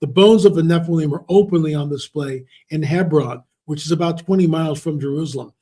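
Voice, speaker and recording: A man's voice: fairly high pitch, brisk, dark tone, slight background noise. A man speaking as an interview guest, telling stories emphatically and repeating words for stress. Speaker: interview guest, author and researcher. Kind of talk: conversational interview talk.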